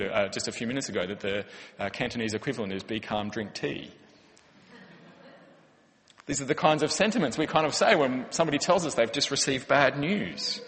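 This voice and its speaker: A man's voice: medium pitch, fairly bright tone. A man, a pastor preaching a sermon in an earnest, conversational way with rhetorical questions. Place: church hall. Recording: long church-hall reverb.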